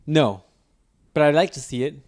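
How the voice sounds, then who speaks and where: A man co-hosting a casual podcast, relaxed, using playful slang and asking follow-up questions. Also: a little high, moderate pace, no echo, studio quality. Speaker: podcast co-host. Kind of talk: casual chat.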